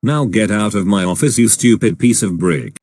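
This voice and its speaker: A man's voice: on the low side, normal speed, a little mellow, natural voice. A man voicing an angry, insulting boss in a cartoon, scolding in a harsh, synthetic-sounding way. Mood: furious. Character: furious, insulting male boss. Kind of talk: animated cartoon dialogue.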